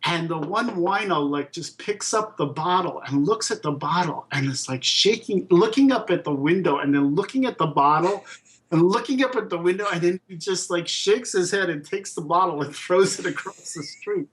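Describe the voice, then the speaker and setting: An older man, a puppet and toy designer, telling anecdotes in a relaxed interview and acting out the voices of people he quotes. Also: high-pitched, moderate pace. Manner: animated storyteller who acts out quoted voices.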